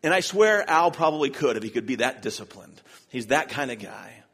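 A Charlotte, North Carolina pastor from the US South tells funny stories at his own expense during a church sermon. His mid-range voice is husky and a bit bright, with lively intonation and a slightly fast pace.

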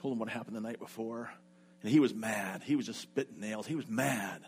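Brisk and slightly rough, this middle-aged man's lowish voice carries a sermon. The pastor shares a personal story with lively energy, voicing each person's words as he acts them out.

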